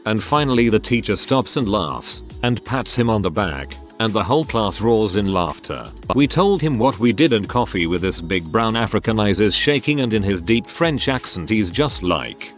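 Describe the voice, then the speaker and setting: A man narrating online stories in an expressive, wry way, dropping joking asides between them. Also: lowish voice, normal speed, hardly any pauses, soft background music. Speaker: story narrator.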